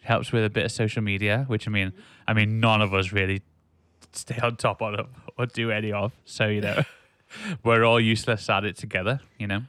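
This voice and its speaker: A man's voice: fairly low pitch, steady tone, brisk, a bit bright, clear, resonant tone, no echo. A young man hosting a podcast in casual chat, joking around and laughing often. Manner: jokey, chatty, laughs often. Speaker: podcast host.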